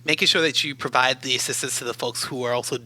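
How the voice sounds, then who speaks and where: A man from Baltimore speaks as an interview guest in a calm, measured way. His tone is strikingly bright and sharp-edged, at a middle pitch. He tells his stories thoughtfully and steadily. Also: slight background noise, low-quality recording. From Baltimore, USA. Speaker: guest, academic adviser. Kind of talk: reflective interview storytelling.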